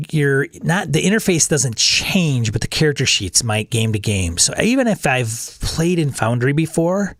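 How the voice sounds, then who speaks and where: A man hosts a casual solo chat about tabletop games for his channel, rambling, correcting himself, repeating words, and often restarting sentences. His voice is mid-range, and the sound is clean studio quality with no room tone.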